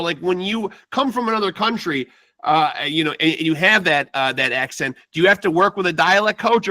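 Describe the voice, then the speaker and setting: Bright-voiced male podcast host. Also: on the high side, no echo. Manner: halting, full of uh fillers. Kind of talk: casual interview.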